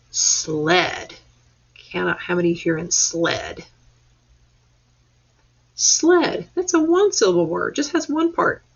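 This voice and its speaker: A woman's voice: medium pitch, creaky, husky. A woman teacher, giving a patient, step-by-step remote class lesson over a webcam. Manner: slow, patient step-by-step instruction. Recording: dull lo-fi webcam audio.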